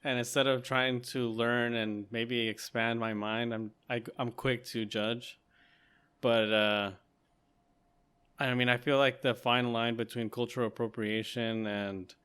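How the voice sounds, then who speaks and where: An unhurried man on a casual podcast, thinking out loud and second-guessing himself. His voice is smooth and resonant, and he takes his time over each point. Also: medium pitch. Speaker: podcast co-host. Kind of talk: casual chat.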